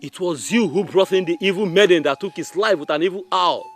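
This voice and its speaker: A man's voice: sits high, a little fast, soft background music, natural voice. A man playing a proud, hostile village chief who mocks and challenges his visitor. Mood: scornful. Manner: scornful, mocking.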